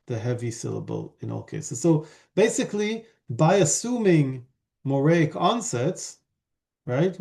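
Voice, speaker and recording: A man giving an academic linguistics talk, explaining step by step with many fillers, pauses and restarts. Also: a little high, dark tone. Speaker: linguistics lecturer.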